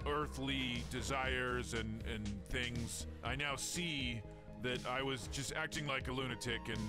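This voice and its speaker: A man's voice: mid-range voice, close to an everyday voice. A man voicing a remorseful alien villain boss who rambles out apologies in a video game, over game music. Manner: rambling, apologetic, self-mocking.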